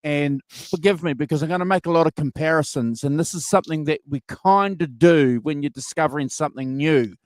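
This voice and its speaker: A man's voice: on the high side, brisk, few pauses, no room sound. A man co-hosting a casual music review podcast, rambling and enthusiastic with lots of fillers. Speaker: podcast co-host. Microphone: video call.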